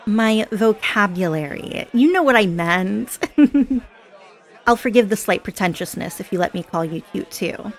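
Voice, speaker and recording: A woman's voice: medium pitch, expressive, measured pace. A woman playing a chatty, giggly party girl. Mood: teasing. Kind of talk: scripted audio role-play.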